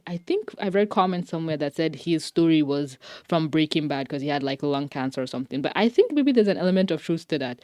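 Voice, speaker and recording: Dark-voiced young woman reviewing a cartoon. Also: fairly low pitch, no echo, clean studio sound. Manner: animated, laughing, swearing, slangy asides. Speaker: show reviewer. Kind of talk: casual commentary.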